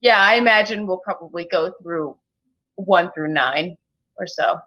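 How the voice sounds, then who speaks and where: A woman plays her character in a tabletop game with brash, joking energy. Her voice is bright and sharp. She takes her time and drawls through her lines. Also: on the low side, measured pace, rough recording. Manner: brash, playful, swears. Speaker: player.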